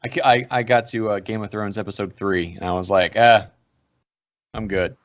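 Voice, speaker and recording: A man co-hosting a podcast in casual chat, an animated storyteller who acts out quotes and swears. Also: fairly low pitch, fast, muffled recording. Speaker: podcast co-host.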